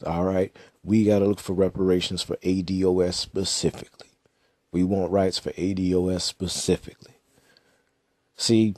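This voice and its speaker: A man's voice: deep voice, mellow, dry recording, clean studio sound. A young man in a casual monologue as a podcast host, blunt, slangy and profane. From United States.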